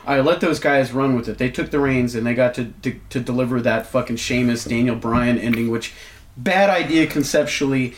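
A man's voice: medium pitch, normal speed. A man telling a story in casual chat, swearing freely and acting out the people he quotes. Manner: profane, animated, acts out quoted shouting. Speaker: wrestling show booker.

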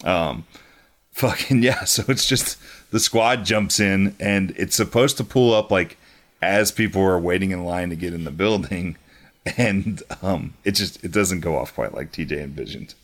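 A man's voice: low voice, measured pace. A man recapping events in loose casual chat, with many fillers and laughs.

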